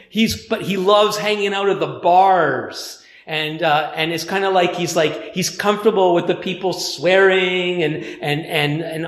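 A man's voice: sits high, roomy sound. A man preaching a sermon as a pastor, talking in a conversational way with frequent restarts. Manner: conversational, with restarts and mimicked voices.

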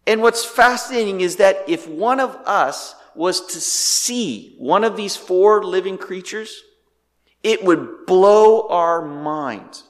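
A male pastor preaching a sermon with animated delivery, firing off rhetorical questions and swinging between loud and hushed. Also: high-pitched, slow pace, in a large hall.

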